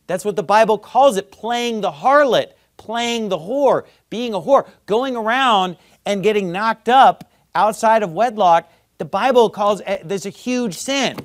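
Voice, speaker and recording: A man preaching a sermon as pastor, blunt and fiery, swinging between loud emphatic outbursts and quiet asides. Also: high voice, animated, measured pace, hardly any pauses, no room sound, studio quality.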